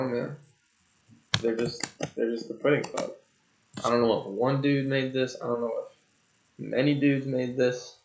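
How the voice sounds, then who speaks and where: Gravelly rambling young guy reviewing albums. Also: mid-range voice. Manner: rambling, profane, jokey and loose. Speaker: music reviewer. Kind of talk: casual album review monologue. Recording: echoey room, dull lo-fi sound.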